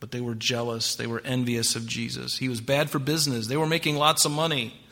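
Male pastor, bright forceful tone, sermon delivery, emphatic then hushed. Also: mid-range voice, fairly even intonation, a little fast, gravelly. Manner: expository preaching with scripture quotes; swings between emphatic rises and hushed drops.

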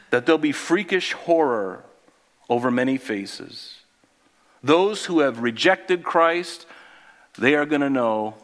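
In a conversational sermon, a male pastor addresses questions to his listeners. He emphasizes points by speaking more quietly and in a lower register.

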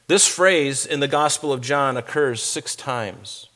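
A middle-aged man giving a conversational sermon as a pastor. He talks casually between verses and slows down, with weight, when he reads scripture aloud. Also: medium pitch, animated, fairly bright tone.

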